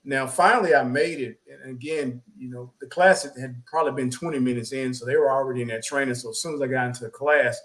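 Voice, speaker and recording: A man co-hosting a talk show, telling a personal story in a casual, animated way, often repeating words and acting out quotes. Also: medium pitch, fast talker, hardly any pauses, poor audio. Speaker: podcast co-host.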